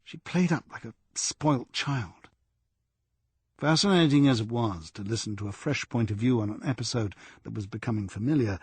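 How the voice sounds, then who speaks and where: A man narrating a crime audiobook in a measured, even storytelling manner. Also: medium pitch, husky, dry recording. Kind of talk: scripted narration.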